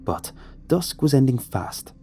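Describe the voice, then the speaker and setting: A man narrating a horror story in a measured, suspenseful way. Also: medium pitch, sing-song, dark tone. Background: faint music.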